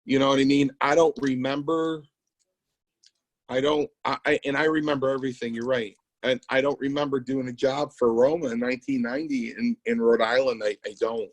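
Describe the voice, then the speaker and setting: Speaking a little fast in a steady, mid-range voice, this middle-aged podcast co-host and former wrestler rambles through stories, acting out the quotes of those involved. The sound is echo-free but poor in quality.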